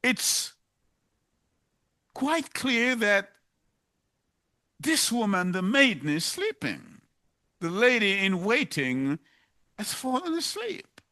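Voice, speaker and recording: A man's voice: high-pitched, very animated, slow, long pauses, bright, forceful tone. A man preaching a sermon, emphatic and driving points home by repeating them.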